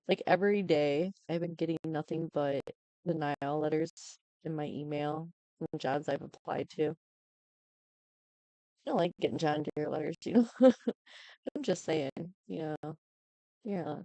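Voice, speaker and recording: Woman YouTuber, tearful update, gravelly low-toned voice, halting. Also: warm tone, no echo, low-quality recording. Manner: halting and subdued, with many ums. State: tearful, close to crying. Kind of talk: casual talk to camera.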